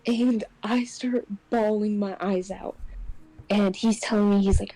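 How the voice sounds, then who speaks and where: A young woman casually telling a personal ghost story on a podcast, getting animated when she acts out what people said. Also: mid-range voice, a little slow, faint music behind, rough recording. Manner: animated, acts out quotes in raised voice. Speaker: podcast co-host.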